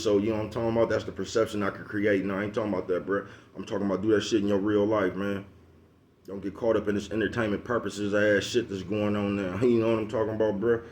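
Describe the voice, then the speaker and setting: A man's voice: fairly low pitch, a little mellow. A man giving a casual, profane advice monologue, preaching to his listeners and leaning on repeated asides like "you know what I'm talking about". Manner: slangy, calls listeners bruh and folks. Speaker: vlogger giving street advice.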